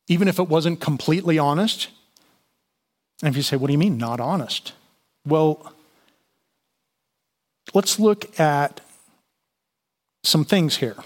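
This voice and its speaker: A man with a slightly higher voice delivers a relaxed, conversational sermon. He walks through the scripture passage, stopping to explain it with plenty of "you know" and small restarts. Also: a little slow, long pauses. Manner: conversational Bible teaching with fillers and restarts. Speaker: pastor.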